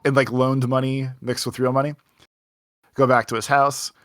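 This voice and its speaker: A man's voice: mid-range voice, little pitch movement, normal speed, dry recording, studio quality. A young man co-hosting a podcast, telling a rambling anecdote full of "like" and acted-out quotes in a casual chat. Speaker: podcast co-host.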